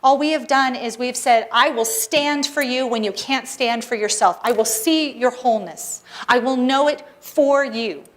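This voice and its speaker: A woman with a high, bright-pitched voice delivers a Sunday sermon to her congregation. She speaks earnestly and encouragingly, often slipping in playful asides. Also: measured pace, hardly any pauses. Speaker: spiritual practitioner giving the Sunday talk. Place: church service hall.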